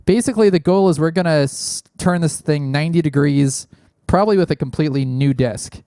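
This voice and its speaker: Guy hosting a call-in show, smooth clear voice, dry close mic, lots of ums. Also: fairly high pitch, brisk, mellow, dry recording. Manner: rambling, many fillers. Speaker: podcast host. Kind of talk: casual call-in chat. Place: small unfinished studio. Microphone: large studio mic, spoken into closely.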